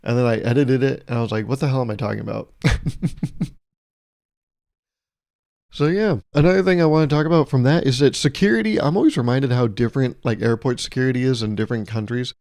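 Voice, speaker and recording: A man's voice: mid-range voice, fairly quick, pauses often, darkish tone, no echo, clean studio sound. A young man hosting his own podcast, rambling through a sarcastic, jokey monologue and laughing at his own jokes. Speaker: podcast host. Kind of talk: solo comedic podcast monologue.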